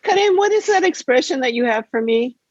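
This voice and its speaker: Guest lady, kinda husky, talking careful, dull muffled line. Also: sits high, lively intonation, a little fast, darkish tone, no echo. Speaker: podcast guest. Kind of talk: casual chat.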